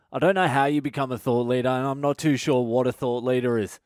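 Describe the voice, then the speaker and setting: A man's voice: mid-range voice, a little mellow, clear, resonant tone, no room sound, clean studio sound. A man, a comedian hosting his own podcast, delivering a sardonic comic monologue that is full of swearing and acted-out mock dialogues.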